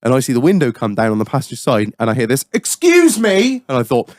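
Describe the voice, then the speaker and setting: Podcast host, man, profane and lively, dry booth sound. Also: medium pitch, racing, dry recording. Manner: profane, animated storytelling. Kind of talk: casual chat, storytelling.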